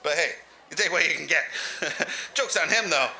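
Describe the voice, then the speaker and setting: A man's voice: on the high side, animated, normal speed, vocal fry, background noise. A man telling a crude, rambling comic story as an old lounge comedian, laughing through his own jokes. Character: lounge comedian claiming eighty-five years.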